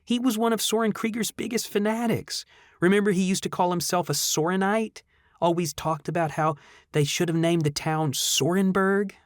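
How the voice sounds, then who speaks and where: A man voicing a chatty, friendly young woman who talks quickly and breezily. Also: high-pitched, no echo, clean studio sound, pitched above the performer's own voice, close to an everyday voice. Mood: talkative.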